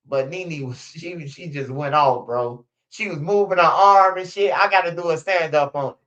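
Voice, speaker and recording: A man on a live stream, telling stories and commenting in a profane, animated way. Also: fairly high pitch, moderate pace. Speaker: streamer commenting on street news. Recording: dull lo-fi stream audio.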